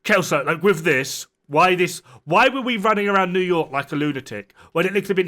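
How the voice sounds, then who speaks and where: Exasperated man ranting, bright voice. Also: high voice, lively intonation, brisk, hardly any pauses. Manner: exasperated, sarcastic, swears freely. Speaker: streamer. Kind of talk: casual gameplay rant.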